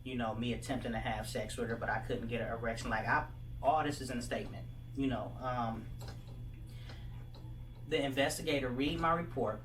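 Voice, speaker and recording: A man tells his own story in a meandering monologue, filling his pauses with "you know" and "like." His voice sits at an ordinary middle pitch. The mic is a little far from him, and a faint noise runs under the recording. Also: fairly bright tone. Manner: rambling, full of "you know" and "like" fillers.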